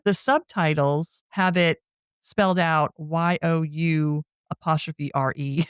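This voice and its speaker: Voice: medium pitch, a little slow, clear, resonant tone, no echo, clean studio sound. A podcast co-host giving a casual scene-by-scene movie recap, acting out quotes and laughing often. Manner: retells scenes with acted-out quotes.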